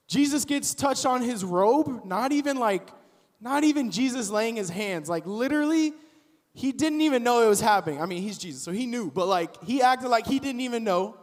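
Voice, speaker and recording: Young guy youth pastor, casual animated sermon, echo all over the room. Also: very high voice. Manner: casual and animated, acts out the story characters. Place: church auditorium. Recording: long hall reverb.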